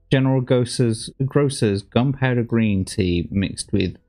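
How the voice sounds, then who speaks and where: A man's voice: medium pitch, slow, dark tone, faint music behind. A man casually commenting on a livestream, rambling and sweary with plenty of slang. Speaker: streamer reacting to old adverts.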